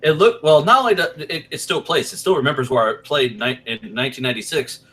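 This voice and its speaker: A man's voice: mid-range voice, quick pace, a bit bright, breathy edge. A man with a wife, rambling in casual podcast chat.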